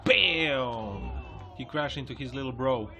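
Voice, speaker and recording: A man's voice: medium pitch, normal speed, fairly bright tone, soft background music. A man hosting a video, giving joking, chatty reaction commentary over clips and laughing often.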